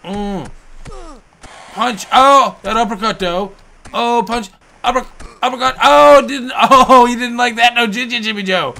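A man commentating his own video game play, joking around and bursting into loud, profane outbursts. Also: extremely high pitch, a little slow, creaky. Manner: profane, excitable outbursts and rambling jokes. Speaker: gameplay commentator.

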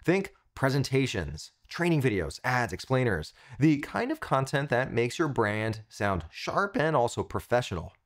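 A man's voice: mid-range voice, very animated, normal speed, few pauses. A man hosting a tech tutorial, giving an upbeat scripted product review in punchy short phrases.

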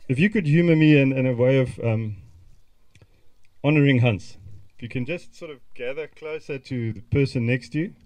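A man's voice: mid-range voice, moderate pace, darkish tone, no room sound, low-quality recording. A middle-aged man giving a memorial speech outdoors at a country club, reminiscing with chuckles and restarts. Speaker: eulogy speaker.

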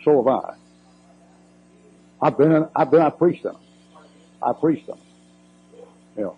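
A man's voice: a little high, takes it slowly, a little hiss or hum. An older man, a preacher answering questions in a church Q&A, folksy, blunt and emphatic with joking asides, on a muffled old cassette recording.

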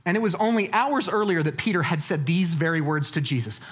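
A woman pastor delivering a sermon, lively and dynamic, dropping to low, soft tones for emphasis. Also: a little fast, few pauses.

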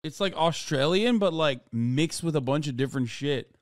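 A man's voice: on the high side, expressive, normal speed, dry recording, clean studio sound. A man streaming reactions to a video, with blunt, joking commentary and plenty of swearing.

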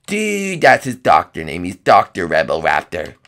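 A man voicing an excitable young male dinosaur in a comedic game role-play, shouting "dude" in a high, bursting voice. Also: moderate pace, gravelly, exaggerated voice. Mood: excited.

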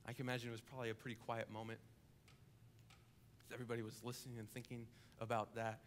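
A young adult coordinator preaching a sermon in church, telling a story vividly, dropping to a hush and then building to emphasis. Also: male voice, mid-range voice, monotone, quick pace, slight background noise. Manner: vivid storytelling, acting out the characters; swings between hushed and emphatic. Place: church service, live-streamed.

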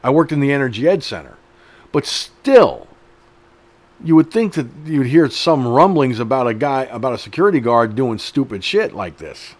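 Blunt, profane middle-aged man with a lively voice. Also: mid-range voice, moderate pace. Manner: blunt and profane, indignant asides. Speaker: online news show host. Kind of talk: reading a news article aloud with commentary.

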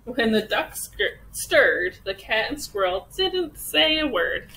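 A woman teacher reading a children's picture book aloud with expressive storytelling. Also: on the high side, a little slow, hardly any pauses, a little hiss or hum, low-quality recording.

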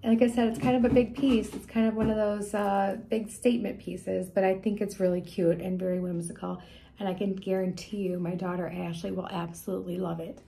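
A woman's voice: medium pitch, flat delivery, a little fast, creaky, dark tone, slight background noise. A middle-aged woman hosting a casual beading tutorial, chatty and homey, with frequent ums. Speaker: beading video host. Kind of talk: casual crafting tutorial chat.

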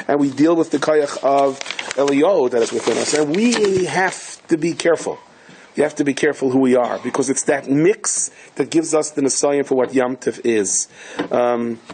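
A man, a rabbi, giving a sermon in a conversational, animated storytelling manner, using Yiddish and Hebrew terms. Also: medium pitch, slight background noise.

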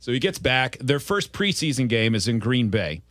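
A man hosting a casual sports interview, telling stories and quoting people with animated delivery. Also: medium pitch, normal speed, dry recording, studio quality. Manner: storytelling, animated quotes. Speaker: radio host.

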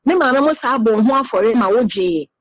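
A woman's voice: fairly high pitch, animated, moderate pace, dry recording, muffled recording. A woman being interviewed on the radio, earnestly explaining her side at length.

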